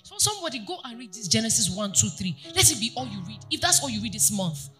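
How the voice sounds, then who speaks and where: A woman pastor preaching a sermon to her congregation, animated and often asking them questions. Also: on the high side, fast, soft background music. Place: church.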